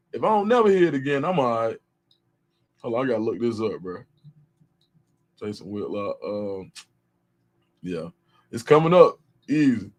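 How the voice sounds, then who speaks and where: A young man hosting a live stream, chatting casually in slang and reacting to viewers' comments. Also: mid-range voice. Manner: animated, slangy, reads chat comments aloud.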